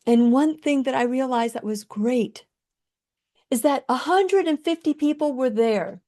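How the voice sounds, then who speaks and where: A woman's voice: sits high, a little mellow. A woman radio host telling a personal story in an earnest, heartfelt way, often restarting her sentences.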